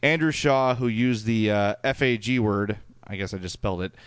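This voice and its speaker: A man's voice: on the low side, normal speed, clear, resonant tone, dry recording. A man with a Chicago accent co-hosting a casual podcast, reading listener emails aloud with plenty of fillers. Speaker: podcast co-host.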